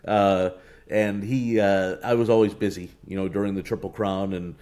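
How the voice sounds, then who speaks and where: A man, a horse racing announcer, telling stories in a relaxed interview, with many restarts and fillers. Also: fairly low pitch, normal speed. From United States. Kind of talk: casual interview talk.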